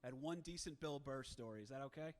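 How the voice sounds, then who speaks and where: A man in his thirties telling a self-mocking story in a stand-up set, brash and animated at the punchlines. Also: medium pitch, fast. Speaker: stand-up comic.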